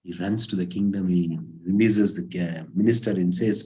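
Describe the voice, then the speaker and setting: A man teaching a scripture class, telling a parable with lively rhetorical questions. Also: low voice, normal speed, hardly any pauses, poor audio. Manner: animated storytelling, rhetorical questions. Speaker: spiritual teacher.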